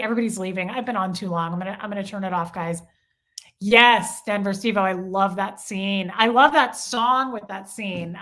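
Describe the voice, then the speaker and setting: A woman's voice: medium pitch, a bit bright. A woman hosting a livestream, chatting casually and gushing as she reads out viewer comments. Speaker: livestream host.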